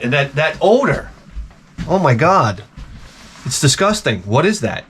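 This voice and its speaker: A man's voice: fairly high pitch, very animated, measured pace, fairly bright tone, a little hiss or hum. A man hosting a retro gaming channel, ranting in a profane, rambling, sarcastic way. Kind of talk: casual comedic rant.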